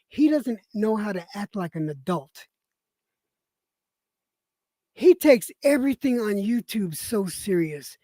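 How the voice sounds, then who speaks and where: Woman ranting in a slow, stammering tirade. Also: fairly high pitch, a little mellow, no room sound. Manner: profane, stammering repetitions. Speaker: streamer. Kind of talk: angry livestream rant.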